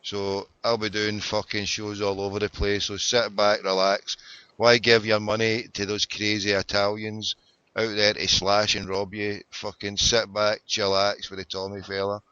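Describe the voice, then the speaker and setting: Sweary Glaswegian man, bright lo-fi sound. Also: on the low side, completely flat delivery, moderate pace, clean tone, dry recording. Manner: sweary, says "mate" a lot. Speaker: podcast host. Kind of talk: casual chat. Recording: dull lo-fi sound.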